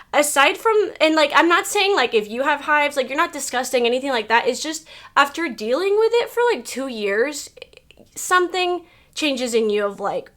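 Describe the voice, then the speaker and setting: A woman's voice: on the high side, fairly bright tone. A woman in her thirties from Mexico, talking candidly in a personal vlog, full of "like" fillers and close to tears at times. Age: 30s. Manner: chatty and candid, many "like" fillers; emotional, fighting back tears. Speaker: beauty vlogger.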